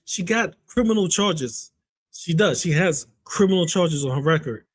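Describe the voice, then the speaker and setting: A man with a high, light voice runs a commentary on online drama. He talks in a lively, mocking way and keeps breaking into laughter. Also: moderate pace. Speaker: commentary host.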